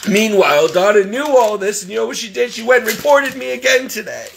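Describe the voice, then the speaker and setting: Tearful high gravelly man in his forties. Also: lively intonation, normal speed, a bit bright, a little hiss or hum. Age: 40s. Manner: emotional, rambling and exasperated. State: tearful, crying. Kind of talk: casual vlog monologue.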